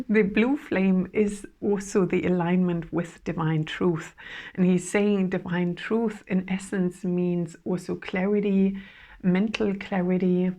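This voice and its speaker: Gently gravelly woman sharing spiritual guidance. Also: fairly low pitch, fairly even intonation, slow pace. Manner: earnest, flowing, with soft laughs and fillers. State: voice going hoarse. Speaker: spiritual channel. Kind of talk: spiritual talk, channeled messages.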